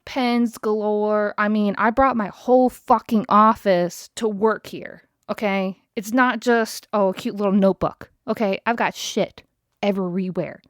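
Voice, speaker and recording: A woman in her thirties tells her story as a podcast host, swearing freely and sounding thoroughly exasperated. Her voice sits at an ordinary middle pitch. The sound is dry and close, with no room echo. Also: fairly even intonation, a little slow. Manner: profane, exasperated, talks straight to listeners. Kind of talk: casual storytelling rant.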